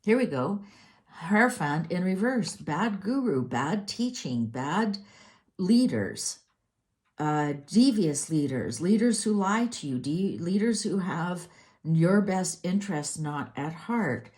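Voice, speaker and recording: A woman's voice: lowish voice, lively intonation, slow, darkish tone. A middle-aged woman doing a tarot reading, ranting in a heated, exasperated way with many restarts. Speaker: tarot reader.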